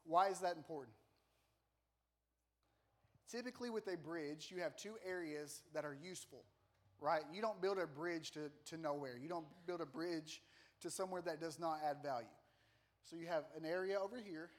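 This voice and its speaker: Animated pastor with a high voice. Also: male voice, moderate pace. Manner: animated, self-deprecating storyteller with humor. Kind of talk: sermon with personal story.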